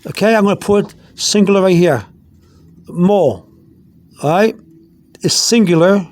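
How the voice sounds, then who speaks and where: A man's voice: sits high, measured pace, a little mellow. A man giving an informal pronunciation lesson, repeating words patiently with frequent restarts, recording on a phone held in one hand. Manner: repetitive, patient, restarts often. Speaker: Spanish teacher.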